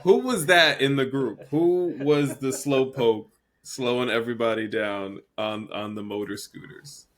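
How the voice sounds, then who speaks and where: A man co-hosting a podcast in a playful, teasing way, quick to laugh as he asks questions and tells stories. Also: medium pitch. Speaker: podcast co-host. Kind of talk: casual chat.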